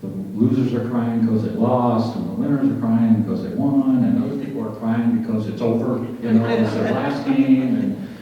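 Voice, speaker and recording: A man's voice: medium pitch, moderate pace, hardly any pauses, warm tone. A man emceeing a luncheon panel, chatty and anecdotal, often repeating himself. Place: large banquet hall. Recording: dull, echoey hall from far off.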